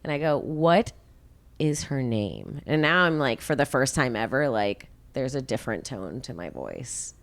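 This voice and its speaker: A woman in her thirties hosting a podcast, telling a story casually and profanely, acting out quotes. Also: measured pace. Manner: animated, profane, acts out quotes with big pitch jumps. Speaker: podcast host.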